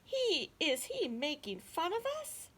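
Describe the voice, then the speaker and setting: A woman doing a squeaky, indignant chorus of frogs. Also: wildly swooping pitch, slow pace, fairly bright tone, heavily acted. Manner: high, squeaky indignant exclaiming.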